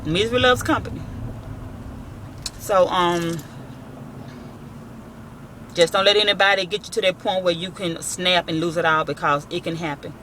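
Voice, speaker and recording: A woman's voice: on the low side, moderate pace, pauses often, a bit bright, low-quality recording. Lady telling it straight, cussing, outside by a road with traffic noise. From Southern US. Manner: blunt, profane, storytelling with quoted voices. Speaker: vlogger giving work advice. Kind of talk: casual advice talk.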